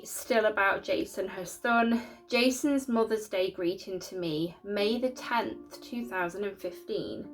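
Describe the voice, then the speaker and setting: A woman with a slightly raised pitch reads listener ghost stories aloud in a casual, chatty way. She sounds sympathetic and openly emotional, and a faint bed of music plays quietly beneath her voice. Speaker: YouTube story channel host. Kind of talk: casual reading of viewer-sent ghost stories.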